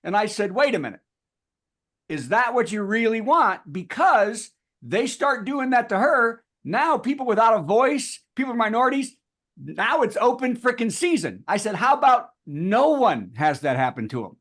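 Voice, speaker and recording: A man hosting a comedy show, chatting and joking over a video call, stumbling over his words as he talks. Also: very high voice. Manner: animated, quick banter, trips over words.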